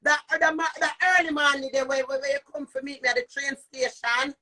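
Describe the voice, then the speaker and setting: Loud cursing Jamaican woman, bright and high. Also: fairly even intonation, fast talker. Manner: cursing, shouting, repetitive taunts. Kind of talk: heated live-stream rant. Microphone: phone.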